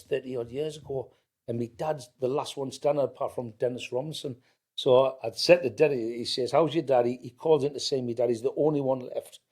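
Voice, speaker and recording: A man in his fifties from County Durham, England, with a North East English accent, owns a family business and swaps family stories as a podcast guest in an easygoing conversation. His medium-pitched voice is a little mellow. He frequently restarts and repeats words, and he mimics others when quoting them.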